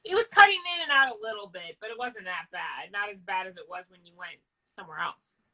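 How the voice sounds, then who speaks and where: A woman's voice: mid-range voice, animated, a little fast, pushed and bright, poor audio. A woman casually chatting on a video call, talking loosely with lots of "I think" and "like". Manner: chatty, says "like" and "I think" a lot. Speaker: co-host of a live reading. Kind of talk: casual chat.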